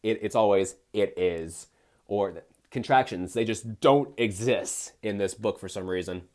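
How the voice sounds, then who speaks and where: A man's voice: fairly low pitch, moderate pace, a little mellow. A young man hosting a live stream, reading a badly written book aloud and mocking its prose with exasperated, sarcastic asides. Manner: sarcastic, exasperated, frequent fillers and restarts.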